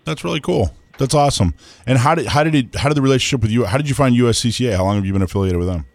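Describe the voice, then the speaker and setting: A man from North Florida hosting a radio talk show, asking eager, quick questions. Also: medium pitch, expressive. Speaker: radio host.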